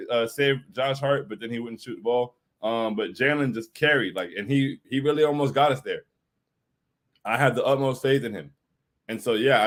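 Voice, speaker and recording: Man, stream host, casual chat, hyped, emphatic, slangy, repeats himself. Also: medium pitch. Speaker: podcast host reading viewer comments.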